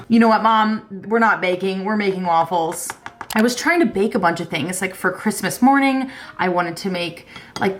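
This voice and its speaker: A young woman in her twenties chatting through a cooking vlog in her home kitchen, bubbly and self-deprecating. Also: mid-range voice. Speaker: lifestyle vlogger. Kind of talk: casual cooking vlog chat.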